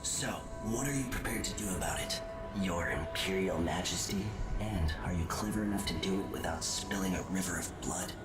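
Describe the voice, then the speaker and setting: Game voice: man playing an eerie, knowing spirit, lowish voice, echoey, loud score behind. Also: over loud music, lightly acted. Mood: cryptic. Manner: measured, cryptic. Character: mysterious otherworldly male being, calm and knowing. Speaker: game character.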